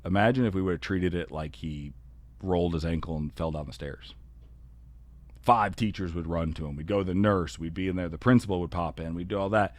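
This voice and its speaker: Deep-voiced earnest educator, conversational. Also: male voice, fairly quick, darkish tone, no room sound. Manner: conversational, earnest, heavy with "you know" and "kinda". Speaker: educator and podcast host. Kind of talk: solo podcast talk.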